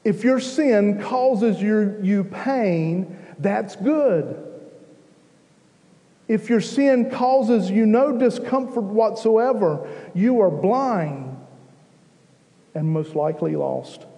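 A man preaching a sermon to his church, slow and emphatic, rising in intensity at key moments. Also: high-pitched, animated, dark tone, in a large hall, rough recording. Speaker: pastor.

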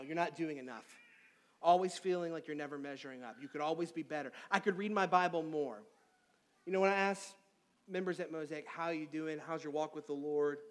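High-voiced, emphatic male preacher. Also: moderate pace. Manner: emphatic, swinging from loud stresses to near-quiet asides. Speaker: pastor. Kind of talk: sermon.

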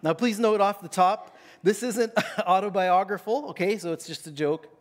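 A man with a notably high-pitched voice gives a Sunday sermon. He talks casually, jokes at his own expense, and keeps a conversational tone with the congregation. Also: normal speed. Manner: casual, self-deprecating and joking. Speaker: pastor. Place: church.

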